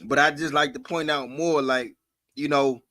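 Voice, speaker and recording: A young man with a high, bright, forceful voice rants on a podcast, swearing freely and hammering the same questions again and again. His voice sounds close and dry. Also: fairly even intonation, moderate pace, no echo. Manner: angry, profane, ranting with repeated questions. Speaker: podcast co-host. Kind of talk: heated casual podcast talk.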